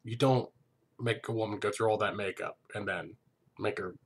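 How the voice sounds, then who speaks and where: A man's voice: lowish voice, moderate pace. Sarcastic man recapping a reality show. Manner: sarcastic, profane, deadpan asides. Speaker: comedian recap host. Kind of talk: comedic TV recap commentary.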